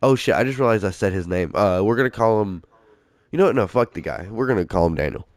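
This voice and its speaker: A man's voice: lowish voice, animated, fast talker, no room sound. A young man hosting a podcast, telling a story casually in a rambling, profane way with lots of filler words. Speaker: podcast host.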